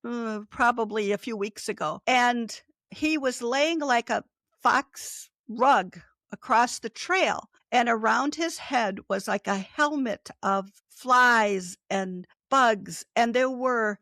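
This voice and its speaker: A woman's voice: on the high side, takes it slowly, bright, forceful tone, dry recording. A middle-aged woman author in a casual interview, speaking reflectively and laughing often. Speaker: author and guest.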